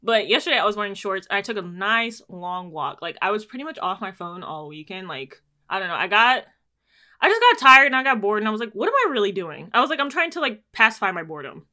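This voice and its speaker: Bright-voiced woman telling stories. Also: medium pitch, quick pace. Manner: animated storytelling, swears freely, acts out exchanges. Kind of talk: casual chat.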